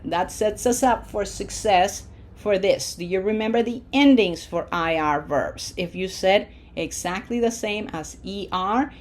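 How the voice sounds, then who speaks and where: A woman teaching a language lesson, checking in with her students and slowly modeling each pronunciation for them to repeat. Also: medium pitch. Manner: slow, deliberate modeling of pronunciation with encouraging checks. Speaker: Spanish teacher.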